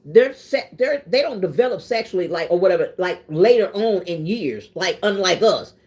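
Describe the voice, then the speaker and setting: A woman's voice: fairly low pitch, moderate pace, husky. A woman, chatting casually and animatedly as a vlogger telling personal stories. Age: 30s. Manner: animated, emphatic, swings into quoted voices. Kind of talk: casual storytelling chat.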